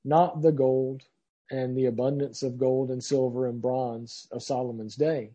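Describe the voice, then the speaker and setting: Man, Bible teacher, husky mellow voice, reads scripture then explains with many fillers. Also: mid-range voice, fairly even intonation, unhurried.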